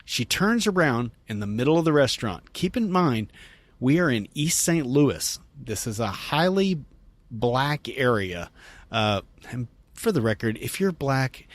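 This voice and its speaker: Male podcast host, animated storyteller, wide-ranging pitch, dry close recording. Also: unhurried, no room sound. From United States. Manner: animated, laughing storyteller quoting others. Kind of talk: casual storytelling.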